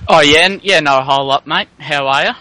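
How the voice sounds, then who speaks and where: A man's voice: on the high side, fast talker, bright, forceful tone, dry recording, poor audio. A man joining a gaming podcast as a guest, laid-back and swearing, calling people mate. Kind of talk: casual gaming podcast chat.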